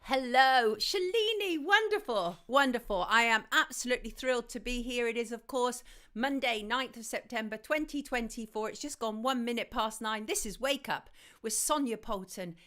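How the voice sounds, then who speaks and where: A woman's voice: fairly high pitch, lively intonation, moderate pace, fairly bright tone. Chatty woman hosting a live stream. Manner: chatty, affectionate, reads viewer messages aloud. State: slightly hoarse, dodgy throat. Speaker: host. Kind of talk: live-stream chat, greeting viewers. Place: home studio in southwest London.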